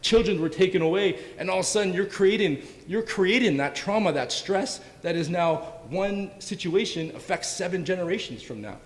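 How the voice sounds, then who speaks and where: A man's voice: high-pitched, moderate pace, few pauses. A man from Canada, a police officer on a community panel, telling stories in an earnest, anecdotal way and often ending lines with "right?". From Windsor, Canada. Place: event hall. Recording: long hall reverb.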